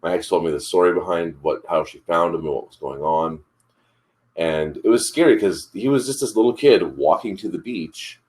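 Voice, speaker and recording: A man hosting a live morning chat show, telling a family story in a casual, rambling way with lots of fillers and restarts. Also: on the low side. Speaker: father.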